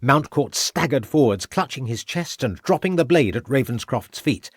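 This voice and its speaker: A man narrating a crime audiobook in a steady, measured storytelling voice. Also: mid-range voice, slightly rough, no room sound, studio quality. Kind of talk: scripted narration.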